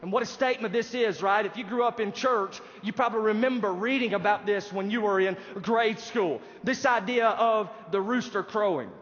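Male pastor, emphatic sermon delivery, muffled lo-fi sound, high voice. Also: moderate pace, hardly any pauses, fairly bright tone. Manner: emphatic preaching, addresses congregation directly. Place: church sanctuary. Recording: dull sound in a reverberant hall.

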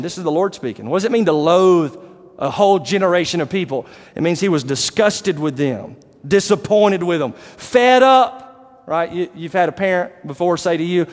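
A man preaching a sermon, animated and acting out the voices of the people he describes. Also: on the high side, a little fast. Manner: animated, acts out quoted voices, rising to shouts. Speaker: pastor. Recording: long hall reverb.

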